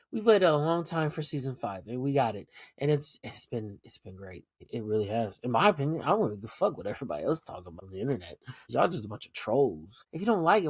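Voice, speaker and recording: A man's voice: a little high, no echo, clean studio sound. Profane, blunt man ranting. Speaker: podcast host. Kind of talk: casual solo rant.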